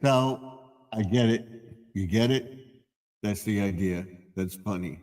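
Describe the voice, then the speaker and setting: A man hosting a casual live stream from his home man cave, talking in a slow, rambling, low-key way. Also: a little mellow.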